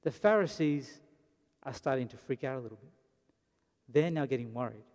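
A man's voice: mid-range voice, normal speed, darkish tone. A man preaching a sermon, telling the story dramatically and briefly acting out the lines of the people in it. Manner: dramatic storytelling, acts out quotes. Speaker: pastor. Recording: long reverb of a hall.

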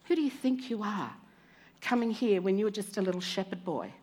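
A woman's voice: mid-range voice, expressive, brisk, darkish tone, slightly rough. A woman quoting a scornful older brother. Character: scornful older brother belittling a shepherd boy.

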